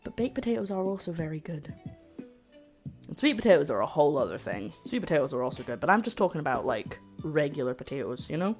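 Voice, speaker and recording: A woman's voice: sits low, big pitch swings, quick pace, a little mellow, soft background music. A woman from Scotland chatting casually and cracking jokes as she cooks on a live stream. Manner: chatty, joking, rambling asides. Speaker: cooking streamer. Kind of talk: casual live-stream chat while cooking. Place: home kitchen.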